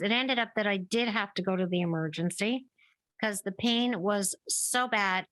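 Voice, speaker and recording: A woman's voice: medium pitch, a bit bright, dry recording. A middle-aged woman, a guest on a podcast, telling a long personal story and acting out the conversations she remembers. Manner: narrates at length, acting out remembered dialogue. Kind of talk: casual interview storytelling.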